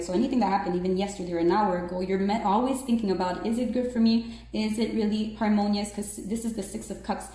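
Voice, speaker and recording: A woman giving a casual tarot reading, chatty and excitable, peppering her talk with "like" and "right?". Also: mid-range voice. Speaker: tarot reader. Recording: very echoey room.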